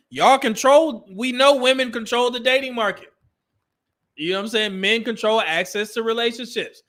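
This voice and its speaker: High, bright-voiced Californian man. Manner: loose, joking, laughs often, reads viewer messages. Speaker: live-stream host. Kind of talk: casual live-stream commentary.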